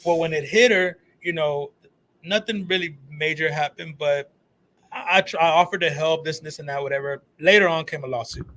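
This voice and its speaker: A man in his thirties telling stories in casual chat, profane and animated, calling everyone bro and dog. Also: a little high, moderate pace. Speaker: podcast guest, phone shop owner.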